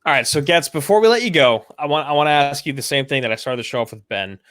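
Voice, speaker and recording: A man co-hosting a casual movie podcast who talks in an animated way and sometimes breaks into loud impressions of movie lines. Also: medium pitch, fast talker. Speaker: podcast co-host.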